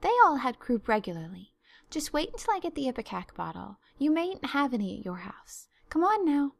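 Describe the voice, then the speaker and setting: A woman's voice: high-pitched, very animated, vocal fry, dry recording, heavily acted. A woman voicing a chatty, imaginative young girl who talks eagerly and dramatically. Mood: brisk. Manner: eager, effusive, quick to dramatize.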